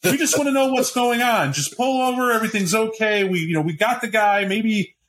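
A man voicing a police negotiator on a loudspeaker, pleading with a runaway driver in a soothing way. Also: high voice, a little fast, slight background noise, voice pushed up. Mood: coaxing.

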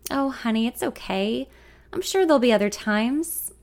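A woman voicing a charming, smooth-talking male songwriter who sweet-talks with pet names in a story reading. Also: a little high, lively intonation, normal speed. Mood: soft coaxing. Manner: coaxing, sweet-talking, calls her honey and darling.

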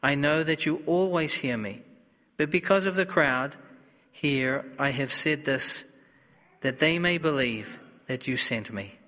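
A male priest reading the Gospel and preaching in a slow, solemn, deliberate way. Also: fairly high pitch, bright, forceful tone, big-room sound.

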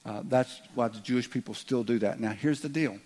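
A man preaching to his congregation. His voice sits at an ordinary middle pitch, and he talks in an easy, chatty way. He now and then breaks into loud, acted shouts. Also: a little fast, husky. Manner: conversational, joking asides, rises to loud acted outbursts. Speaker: pastor. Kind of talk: sermon.

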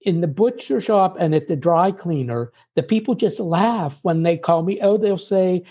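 An older man from the United States, a guest in an interview, explaining things in a measured way and telling anecdotes. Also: sits high, dark tone, slightly rough. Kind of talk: conversational interview storytelling.

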